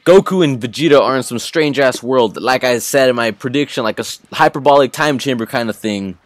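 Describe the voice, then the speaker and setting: A man hosting a reaction channel, giving an excited, profane recap of an anime episode and repeating his exclamations. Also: mid-range voice, fairly quick, no echo. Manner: hyped, swears often, repeats exclamations.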